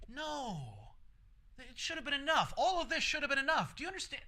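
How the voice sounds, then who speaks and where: Man putting on a shrill frantic Riddler. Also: fairly quick, pushed and bright, heavily acted. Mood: anguished. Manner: shrill, pleading, ranting. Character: frantic desperate male villain, the Riddler.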